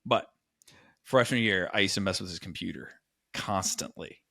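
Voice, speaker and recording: In studio-quality audio with no echo, a man with a low, creaky voice speaks at a moderate pace. Co-hosting a podcast, he recounts college tales in a relaxed chat and brings them to life by imitating the people he quotes.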